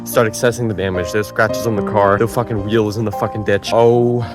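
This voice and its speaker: A young man narrating a storytime vlog, animated and exaggerating for laughs, swearing freely. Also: lowish voice, a little fast. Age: young adult. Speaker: vlogger. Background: clear background music.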